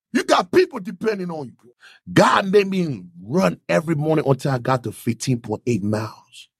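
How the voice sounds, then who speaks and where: A man with a gravelly, husky voice tells his own story like a sermon. He swings between low, quiet prayer and loud, shouted speech. The sound is dry and close. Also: no echo. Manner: preaching testimony, acting out quoted voices, swings to loud shouting. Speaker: podcast host. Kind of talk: impassioned faith podcast talk.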